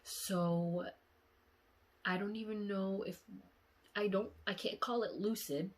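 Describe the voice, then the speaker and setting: Slow-talking teary woman vlogger. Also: mid-range voice, steady tone. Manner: emotional, sighing, candid and profane. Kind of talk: casual dream-diary vlog.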